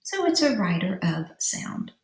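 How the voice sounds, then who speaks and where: A woman's voice: medium pitch, very animated, reverberant. A woman teacher giving a vocabulary lesson to young children, stretching out words and spelling letters aloud. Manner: slow, drawn-out syllables, spelling letters aloud.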